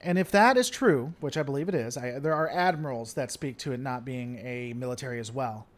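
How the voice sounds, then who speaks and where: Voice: mid-range voice, a little fast. A livestream host chatting casually and answering viewer comments, playful and theatrical, often repeating stalling phrases.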